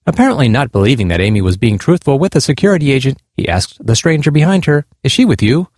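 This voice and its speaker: A man earnestly reading aloud a personal essay about his blind parents' experiences, in a measured tone. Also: mid-range voice, sing-song, a little mellow, no room sound, clean studio sound. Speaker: speaker on disability awareness.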